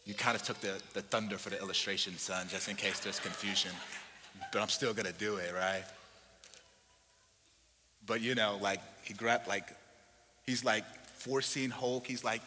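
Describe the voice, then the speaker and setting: A man preaching a sermon as a pastor, moving from low, chatty asides to loud, emphatic preaching. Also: steady tone, normal speed, long pauses, a little hiss or hum. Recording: long hall reverb.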